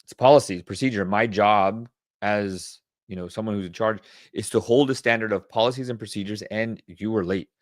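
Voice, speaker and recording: A man's voice: on the low side, no room sound, clean studio sound. A man running a casual leadership Q&A, talking things through aloud and firm about standards. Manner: conversational, thinks aloud while searching and sharing screen. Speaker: leadership coach. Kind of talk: casual teaching Q&A.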